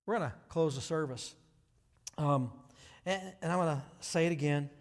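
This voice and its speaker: Pastor, male, a sermon that moves from easy talk to forceful emphasis, slightly high voice, church reverb. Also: moderate pace. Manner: conversational preaching that builds to loud, emphatic passages. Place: church sanctuary. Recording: hall reverb.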